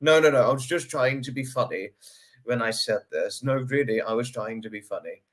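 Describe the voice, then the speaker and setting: A man hosting a livestream in an effusive, gushing manner, greeting viewers again and again. His pitch leaps up and then drops right down from phrase to phrase. He sits at the middle of a man's range. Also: brisk, a bit bright. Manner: pitch swings up and down sharply. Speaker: livestream host.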